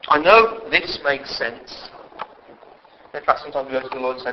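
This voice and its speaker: Male preacher, animated and chatty, slipping into voices; somewhat high voice, muffled church recording. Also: normal speed. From England. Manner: lively, conversational, acts out quoted voices. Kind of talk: sermon. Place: church hall. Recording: dull lo-fi sound with faint background hiss.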